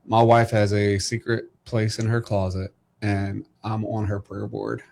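A man's voice: fairly low pitch, little pitch movement, unhurried, vocal fry, a little mellow. A middle-aged man hosting a casual interview, speaking earnestly and encouragingly about faith and family. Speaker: host.

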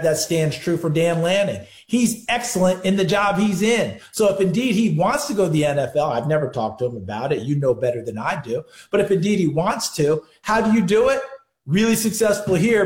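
A man's voice: fairly high pitch, roomy sound. A man speaking as a football analyst guest on a sports radio show, telling stories in an emphatic way. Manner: storytelling, emphatic.

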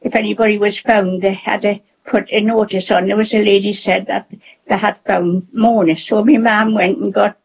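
Woman in her nineties, husky, halting plainspoken recollection, muffled broadcast sound. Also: mid-range voice, fairly even intonation. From North East England. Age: 90s. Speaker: interviewee, war survivor. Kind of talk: recorded radio interview. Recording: dull lo-fi broadcast audio.

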